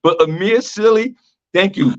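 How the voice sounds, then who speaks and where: A man's voice: high-pitched, measured pace, a bit bright. A middle-aged man, a radio show host, telling loose stories and laughing easily in a casual comedic chat. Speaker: morning show host, guest. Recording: dull lo-fi sound.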